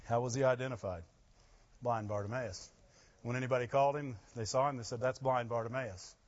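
Animated preaching man, lo-fi. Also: mid-range voice, brisk. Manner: animated, rising to loud emphasis and laughing asides. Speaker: pastor. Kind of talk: sermon.

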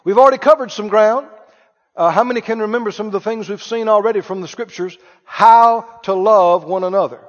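A man with a strikingly high voice preaches to his church, talking plainly and tossing questions to the congregation. The sound is muffled and dull, and it trails off into a long hall reverb. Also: a little fast. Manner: conversational preaching, quizzes the congregation. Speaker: pastor. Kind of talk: sermon.

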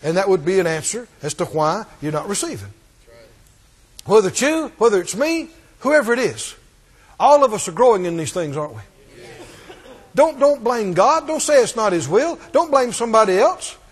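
A man's voice: high-pitched, big pitch swings, normal speed, husky, big-room sound. A man preaching a rousing, emphatic sermon and calling out to his congregation.

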